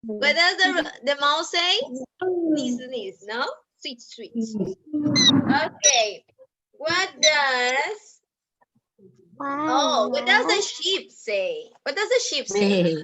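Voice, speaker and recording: Slow, bright woman teacher. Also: high voice, very animated. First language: Spanish. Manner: slow, drawn-out repeat-after-me drilling. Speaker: English teacher. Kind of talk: online class for young children.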